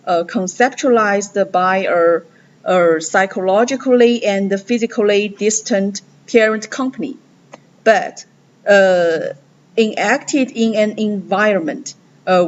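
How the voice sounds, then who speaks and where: A woman giving a class presentation in a halting way, with many pauses and restarts. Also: mid-range voice. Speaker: student presenter. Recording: dull lo-fi recording with faint noise.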